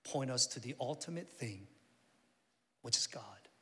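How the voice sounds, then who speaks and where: A middle-aged man preaching a sermon, telling a family story with lively acted-out voices. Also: medium pitch, a little slow. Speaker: pastor. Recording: long hall reverb.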